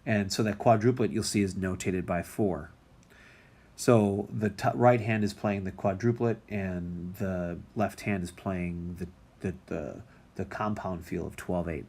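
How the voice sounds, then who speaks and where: Casual low-voiced male music teacher. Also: measured pace, darkish tone, breathy edge. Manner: casual, many ums and restarts. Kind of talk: recorded lecture walkthrough.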